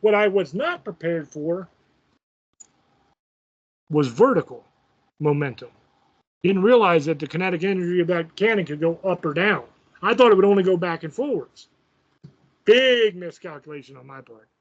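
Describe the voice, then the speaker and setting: A man's voice: high voice, expressive, moderate pace, long pauses, muffled recording. A man casually telling a profane, self-mocking story as host of his own show.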